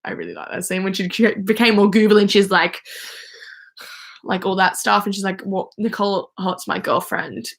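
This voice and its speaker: A woman's voice: medium pitch, little pitch movement, brisk, creaky. A young woman hosting a casual fan livestream, gushing and chatty, with many fillers and restarts, on a phone or webcam mic. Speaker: livestream host.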